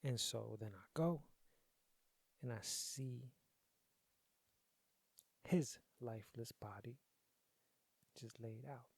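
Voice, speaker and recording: Man telling a sad story, mellow voice. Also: medium pitch, slow, creaky, long pauses, slightly rough, no echo. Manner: profane, conversational, repeats himself. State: grieving, emotional. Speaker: podcast host. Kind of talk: casual storytelling.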